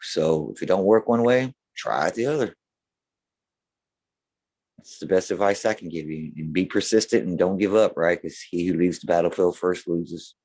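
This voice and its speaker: A man's voice: deep voice, moderate pace, a little mellow, no echo. A man with a Texan accent giving advice on a casual live show, often checking in with "right?". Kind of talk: casual live-stream chat.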